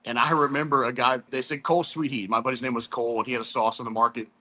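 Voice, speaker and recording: A man's voice: mid-range voice, little pitch movement, quick pace, sharp tone. A man in his thirties from St. Louis, a barbecue pitmaster guest telling stories in a laid-back, chatty way, calling the host "dude" and "man". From St. Louis, USA. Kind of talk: casual storytelling interview.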